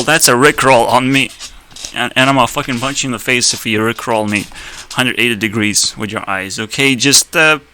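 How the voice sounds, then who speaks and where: A man's voice: mid-range voice, bright, forceful tone, slight background noise, poor audio. Blunt, sarcastic young man ranting. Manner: blunt, sarcastic, swears a lot, laughs at own jokes. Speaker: streamer. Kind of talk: profane ranting commentary.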